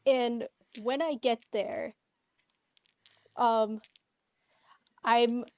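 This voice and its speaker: A woman with a somewhat high voice chats as a player in a tabletop game, pausing to plan her moves. The recording is dry and close, with no room sound. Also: steady tone, clear, resonant tone, no echo, lo-fi sound. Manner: hesitant, chatty. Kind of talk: casual tabletop game play.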